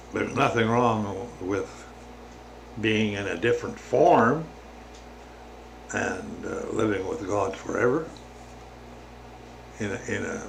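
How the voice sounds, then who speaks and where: A man giving a slow, halting, casual spiritual reflection to his viewers, with many pauses and restarts. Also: fairly low pitch, vocal fry, slight background noise. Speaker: religious vlogger.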